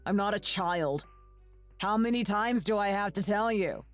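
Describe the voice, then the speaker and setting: A woman's voice: mid-range voice, measured pace, faint music behind, lightly acted. A woman voicing a rude, ungrateful adult son who talks in a snappish, contemptuous way. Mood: irritated.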